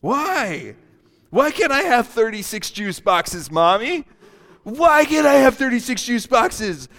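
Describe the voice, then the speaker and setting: A petulant little kid whining and begging for more, as a man puts on a high, childish voice. The pleading tone rings out with a long reverb around it. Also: sing-song, slow, fairly bright tone, exaggerated voice. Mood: whiny. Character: whiny demanding young child.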